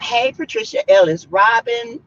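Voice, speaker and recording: A woman's voice: a little high, wildly swooping pitch, measured pace, a bit bright. A woman hosting a casual live stream, chatting and greeting viewers by name. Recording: dull lo-fi stream audio.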